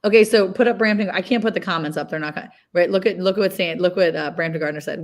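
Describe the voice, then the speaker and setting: A woman's voice: lowish voice, fast talker, few pauses. A woman with a Southern US accent, co-hosting a casual chat over a video call and telling stories with drawling quoted asides. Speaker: co-host.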